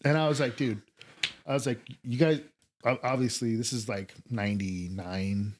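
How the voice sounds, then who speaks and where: A man's voice: mid-range voice, steady tone, moderate pace. A man telling a story as a podcast guest, laid-back and profane, acting out quotes from others. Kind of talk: casual storytelling.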